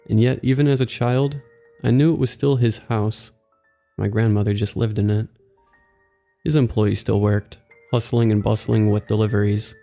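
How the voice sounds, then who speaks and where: A man narrating a scripted horror story in a slow, measured way. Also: on the low side, vocal fry, mellow. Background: faint background music.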